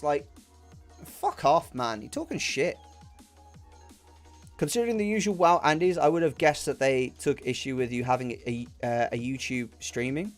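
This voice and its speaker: Young guy ranting on stream, swears a lot, kinda high voice, little bit of music behind. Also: normal speed. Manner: angry, profane, repeats himself. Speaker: gaming streamer. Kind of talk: ranting chat while streaming a game.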